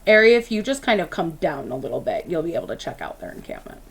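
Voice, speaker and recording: A woman narrating a tabletop game as game master, unhurried and plain. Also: low-pitched, big pitch swings, breathy edge.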